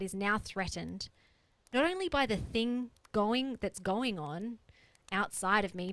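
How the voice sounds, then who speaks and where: A woman's voice: mid-range voice, fairly bright tone, no room sound, poor audio. Earnest woman coach, dry close sound. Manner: earnest, explanatory, repeats key points. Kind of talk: guided exercise on a group coaching call. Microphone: video call.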